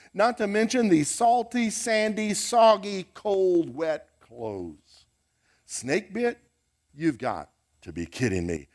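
A man's voice: sits high, a little mellow, pitched above the performer's own voice, heavily acted. A male pastor playing a weary older apostle who is a shipwrecked prisoner, complaining in an exasperated rant. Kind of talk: sermon role-play.

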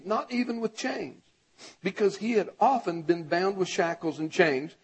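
A man preaching a sermon with a high, husky voice. He reads scripture and talks straight to the congregation, and climbs into a shout when he urges them on. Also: poor audio. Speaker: pastor.

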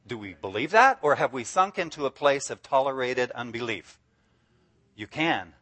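A man preaching a sermon with lively enthusiasm. He drives his points home emphatically and laughs freely between them, in a voice of ordinary middle pitch. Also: normal speed, slightly rough. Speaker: guest preacher.

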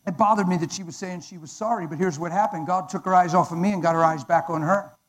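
A man preaching in church, telling his own testimony with dramatic swings from loud exclamations to hushed words. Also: high voice, fast, poor audio. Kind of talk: emotional testimony sermon.

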